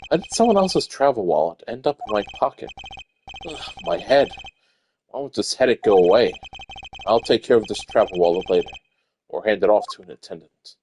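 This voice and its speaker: A man voicing a composed, formal young male prosecutor, deeper than his own voice, in a stiff, proper way. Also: expressive, normal speed, long pauses, a little mellow, a little hiss or hum, close to an everyday voice. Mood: brooding. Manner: stiff, proper, brooding inner monologue. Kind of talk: game voice-over dub on stream.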